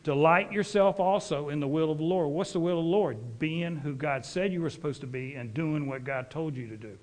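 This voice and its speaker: A man's voice: a little high, fairly quick, a little mellow. A middle-aged man, preaching a sermon as a folksy, rambling storyteller.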